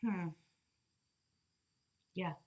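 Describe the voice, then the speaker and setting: On a lo-fi recording, a tarot reader talks very slowly in a slightly mellow voice from her desk near the open door of a small house. Chatty and often laughing, she interrupts herself to question her spirit guides and corrects herself mid-sentence.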